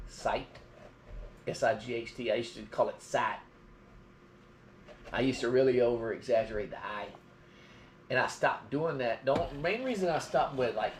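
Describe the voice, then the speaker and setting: A man's voice: mid-range voice, slight background noise. A middle-aged man from Georgia with a mild Southern drawl, telling rambling stories in a casual live-stream chat. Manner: rambling storyteller.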